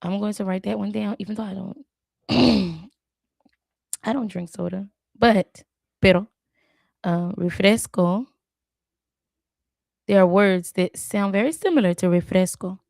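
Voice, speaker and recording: A woman's voice: mid-range voice, unhurried, vocal fry, long pauses, darkish tone, no room sound, clean studio sound. A woman hosting a live stream where she studies a language aloud, chatting casually, repeating words and correcting herself as she goes. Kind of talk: casual live study session.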